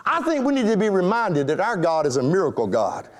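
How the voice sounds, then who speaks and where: A man's voice: sits high, huge pitch swings, a little fast. A man preaching a sermon to his congregation, emphatic and rhetorical, addressing them directly. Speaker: pastor.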